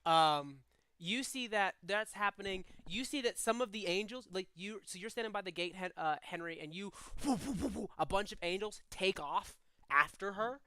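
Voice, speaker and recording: A man's voice: high voice, normal speed, pushed and bright, smooth, no room sound. Rambling young man running a tabletop game. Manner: rambling, hesitant, many fillers. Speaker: game master.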